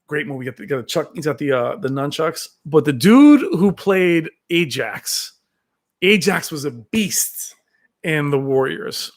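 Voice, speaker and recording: A man on a home live stream, reading viewer comments and riffing on them in a loose, rambling way. His voice sits a little high for a man and swings widely in pitch as he gets excited. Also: unhurried. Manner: rambling, excitable, with frequent fillers.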